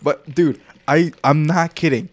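A young man co-hosting a podcast, excitable and swearing, often restarting his sentences. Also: on the high side, unhurried. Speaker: podcast co-host. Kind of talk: casual chat.

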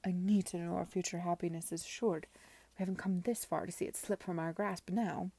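Callous scheming gentleman, read by a woman. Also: on the low side, steady tone, fairly quick, breathy edge, no echo. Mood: cold, pushy. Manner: cold, pushy and impatient.

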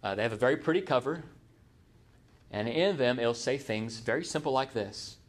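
A man's voice: medium pitch, lively intonation, moderate pace. Middle-aged male pastor, conversational sermon delivery, rhetorical questions to the congregation.

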